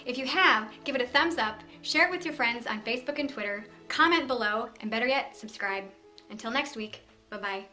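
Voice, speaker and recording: A middle-aged woman hosting a motivational video series, talking to camera with lively encouragement, numbered steps and little stories. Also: a little high, a little fast, soft background music. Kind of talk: upbeat motivational talk to camera.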